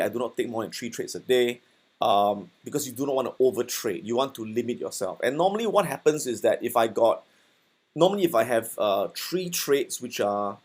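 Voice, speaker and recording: A man's voice: mid-range voice, husky. A man teaching a recorded trading lesson in a conversational way, often checking in with okay and giving his own examples. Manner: conversational, repeats okay and uh, gives personal examples. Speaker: trading instructor.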